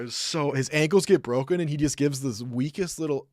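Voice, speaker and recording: A young man chats his way through hockey replays as a streamer, loose and rambling, full of "like" and "um". His voice sits at an ordinary middle pitch. The sound is dry and close, with no room echo. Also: fairly quick, few pauses, a little mellow. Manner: chatty, rambling, acts out sounds, many fillers. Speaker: streamer breaking down hockey clips. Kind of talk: casual commentary.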